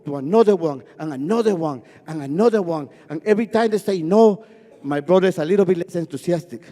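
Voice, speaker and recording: A high, mellow male voice, telling a personal story on a festival stage. He builds rhythm through repetition and has a stutter. A long hall reverb hangs behind each line. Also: lively intonation, fairly quick. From Guatemala. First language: Spanish.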